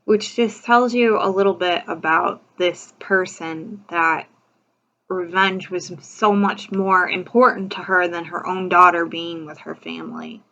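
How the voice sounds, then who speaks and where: A woman's voice: fairly low pitch, pushed and bright. A woman hosting a casual true-crime commentary video, talking in a chatty, opinionated way and leaning on "like" and "you know". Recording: dull lo-fi recording.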